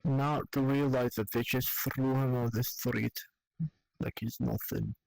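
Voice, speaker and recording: A young man speaks in a steady, level tone with little rise and fall. His delivery is candid, profane and halting as he tells an emotional personal story. The sound is dry and close. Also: medium pitch, creaky, no echo, poor audio. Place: online voice chat in a virtual world.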